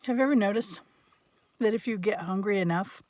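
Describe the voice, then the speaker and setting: A woman's voice: mid-range voice, brisk, a little mellow, dry recording. A woman vlogging outdoors on a rocky canyon rim, talking to a handheld camera in a chatty, rambling, upbeat way and laughing easily, a little out of breath from hiking. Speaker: travel vlogger. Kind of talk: casual chat to camera. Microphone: handheld camera held by herself.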